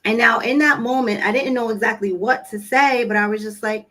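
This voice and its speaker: A woman's voice: on the high side, steady tone, brisk, pushed and bright, poor audio. A woman vlogging to camera about parenting in a casual monologue, telling stories and acting out what people said, with an earnest, coaching tone. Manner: conversational storytelling, acting out quoted dialogue; earnest, coaching tone with direct questions to listeners.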